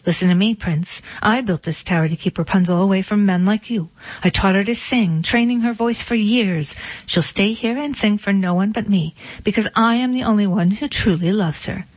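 A woman voicing a possessive, scheming old female witch with a shrill, controlling manner, on a dull lo-fi recording. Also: moderate pace, no echo, lightly acted.

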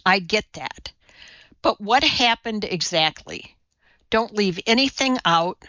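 A woman's voice: medium pitch, lively intonation, takes it slowly, pushed and bright, dry recording, muffled recording. Woman doing a nervous, flustered male producer. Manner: anxious, pressing, exasperated.

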